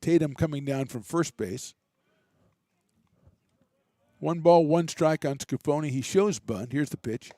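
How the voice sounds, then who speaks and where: Man, baseball play-by-play, relaxed chatty delivery, fairly high voice, warm dark tone, dry close-mic sound. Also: a little slow, long pauses, dry recording. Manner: relaxed, chatty, self-deprecating asides. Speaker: play-by-play announcer.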